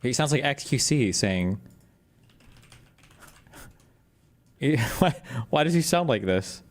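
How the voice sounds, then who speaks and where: A man streaming a reaction to a video, talking casually with sarcastic loud outbursts and mocking laughs. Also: medium pitch, animated, slow, slight background noise.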